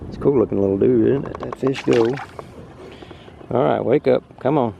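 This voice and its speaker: Gravelly man fishing on a river. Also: mid-range voice, moderate pace, highs cut off, a little hiss or hum. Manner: excited, exclaiming and laughing at fish. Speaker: fishing vlogger. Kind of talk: casual outdoor narration while fly fishing. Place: on a river outdoors.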